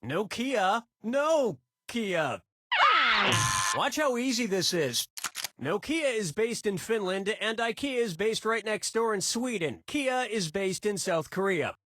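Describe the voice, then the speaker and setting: A sarcastic, wisecracking quiz show host. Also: male voice, sits high, sing-song, slow, exaggerated voice. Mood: wry. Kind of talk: video game voice acting. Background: loud game music.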